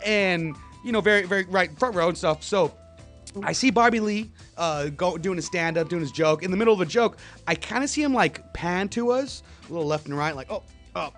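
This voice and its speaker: A young man with a high voice tells stories on a radio show in loose, slangy, laid-back chat. He laughs often as he talks. Faint music plays behind him. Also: expressive, brisk, fairly bright tone. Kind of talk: casual chat.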